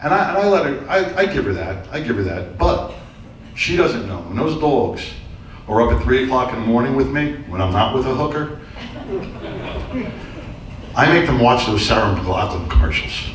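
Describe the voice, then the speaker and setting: A middle-aged man does stand-up comedy on a theater stage before a live audience, spinning loose, rambling stories that end in crude punchlines. His medium-pitched voice is animated, with a moderate pace and frequent pauses. The sound is very echoey and distant, with faint noise.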